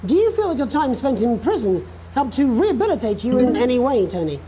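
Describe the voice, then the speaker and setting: An actress playing a polite, earnest news anchor with a polished manner. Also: female voice, high voice, very animated, fairly quick, dark tone, slight background noise. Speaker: news presenter.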